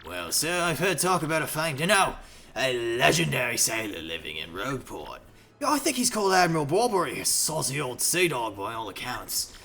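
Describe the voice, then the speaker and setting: A man doing a rough-talking old sailor for a video game. The voice is bright and folksy, and the sailor says things plainly. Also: mid-range voice, sing-song, normal speed, soft background music, heavily acted. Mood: eager.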